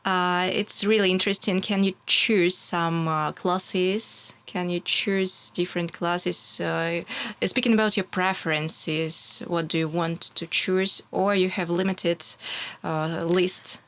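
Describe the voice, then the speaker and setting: A woman whose first language is Russian, asking interview questions in halting, non-native English. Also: lowish voice, fairly even intonation, a bit bright. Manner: halting non-native phrasing, attentive backchannels.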